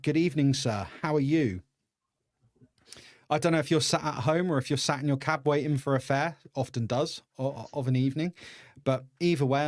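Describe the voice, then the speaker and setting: A man's voice: medium pitch, darkish tone, no room sound, studio quality. An English man hosting a casual live-stream podcast, chatty and laughing often as he greets viewers. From England. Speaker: podcast host.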